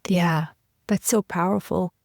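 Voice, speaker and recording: A woman's voice: fairly low pitch, steady tone, measured pace, gravelly, no echo, studio quality. A woman hosting a podcast interview, affirming her guest and sharing personal anecdotes. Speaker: podcast host. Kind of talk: casual interview chat.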